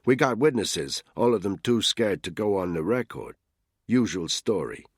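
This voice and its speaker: A man voicing a brash, impatient male surveillance analyst in an audiobook, blunt and wisecracking, with a husky voice. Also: on the low side, expressive, moderate pace, dry recording, clean studio sound.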